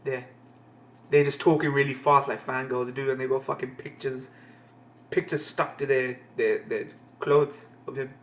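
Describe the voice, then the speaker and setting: A man's voice: mid-range voice, flat delivery, normal speed. A man streaming a live comic reading who swears constantly, laughs and rambles. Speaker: reaction streamer.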